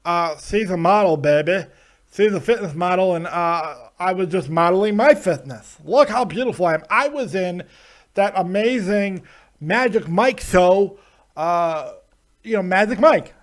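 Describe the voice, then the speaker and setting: A man's voice: sits high, expressive, a little slow. A man doing a cocky wrestler making excuses. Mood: smug. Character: boastful male wrestler making lame excuses.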